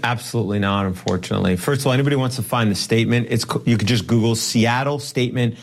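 A man, a lawyer and guest, talking emphatically in an interview, slowing down to stress his points, sometimes sarcastic. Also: mid-range voice, a little hiss or hum. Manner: sarcastic at times. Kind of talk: podcast interview talk.

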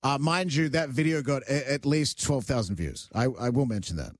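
A man's voice: mid-range voice, expressive, moderate pace, dry recording, clean studio sound. Emphatic male radio host. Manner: emphatic, argumentative, self-joking. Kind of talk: radio talk show banter.

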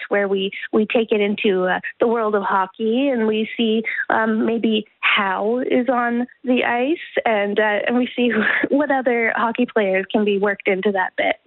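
A woman's voice: a little high, no room sound. An upbeat woman chats as a guest on a live radio interview. Her voice comes through a narrow, tinny, phone-like line. The sound is dry and close, with no room around it. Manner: upbeat, friendly. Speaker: guest performer.

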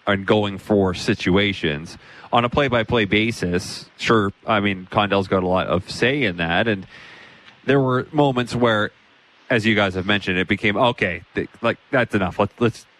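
A man co-hosting a sports talk show, speaking conversationally and thinking out loud. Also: on the low side, normal speed, low-quality recording.

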